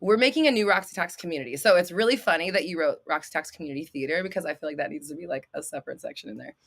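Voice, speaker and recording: A woman's voice: sits low, rapid-fire. A woman in her thirties hosting a livestream, answering viewers' questions with blunt, swearing, dramatic outbursts and laughter. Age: 30s. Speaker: host.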